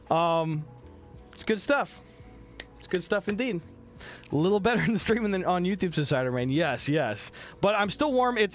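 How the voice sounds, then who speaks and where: A young man from the American Midwest, hosting a loose live-stream chat with a fairly high voice that swings up and down. He jokes, swears freely and reads out messages from chat. Faint music plays underneath. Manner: animated, joking, swears a lot, reads chat aloud.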